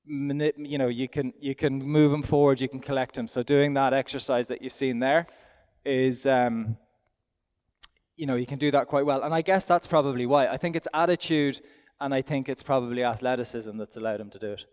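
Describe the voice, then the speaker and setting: A man's voice: mid-range voice, fairly even intonation, fairly quick, a little mellow, smooth. A middle-aged man with an Irish accent gives live demonstration commentary as an event rider, chatting aloud in a self-deprecating way while he rides. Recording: long hall reverb from an arena.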